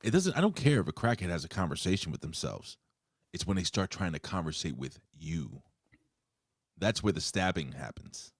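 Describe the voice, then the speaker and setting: A man, co-hosting a casual podcast and telling stories in an animated, profane way. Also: deep voice, moderate pace, dry recording, studio quality. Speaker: podcast co-host. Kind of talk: casual chat.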